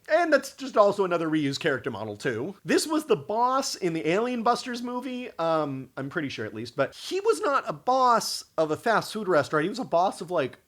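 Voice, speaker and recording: A young man giving sarcastic comedic commentary on a cheap animated movie. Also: sits high. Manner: sarcastic, mocking. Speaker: youtuber reviewing a movie.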